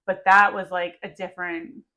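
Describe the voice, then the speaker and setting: A woman's voice: on the low side, little pitch movement, moderate pace, pushed and bright. A woman co-hosting a podcast, talking in casual chat with plenty of fillers. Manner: chatty, full of fillers. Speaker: podcast co-host.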